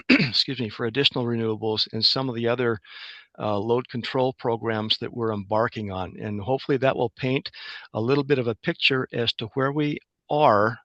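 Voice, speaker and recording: A man giving a relaxed, plain-spoken webinar presentation as a guest engineer over a video call. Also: medium pitch, no echo, dull audio. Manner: plain, relaxed, narrates his screen sharing. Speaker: guest speaker, utility engineer.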